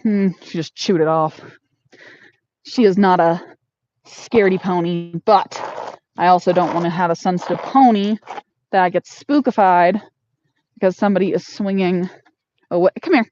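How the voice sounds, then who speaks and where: A woman's voice: lowish voice, normal speed, long pauses, a little mellow, slight background noise. A woman hosting a casual homestead livestream while grooming her horse, rambling and baby-talking to her pony in a barn arena. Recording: dull lo-fi sound.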